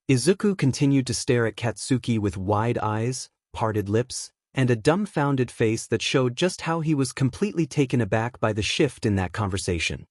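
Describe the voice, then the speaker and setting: A man reading fan fiction aloud as narrator, in a steady storytelling manner. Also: medium pitch, moderate pace, hardly any pauses, dry recording, studio quality.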